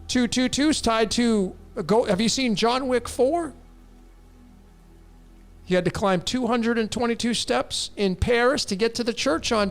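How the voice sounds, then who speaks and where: A man with a high, gravelly voice speaks to his listeners in a blunt, insistent way and presses every point home. He answers viewer questions about numerology in a long monologue. Faint music plays behind him. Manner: blunt, emphatic, addresses listeners directly.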